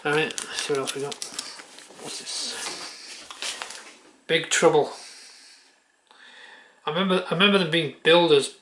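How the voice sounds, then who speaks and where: Muttering man, slightly high voice. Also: a little slow, pauses often, background noise. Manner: offhand, muttering, swears casually. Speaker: vlogger. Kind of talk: casual chat.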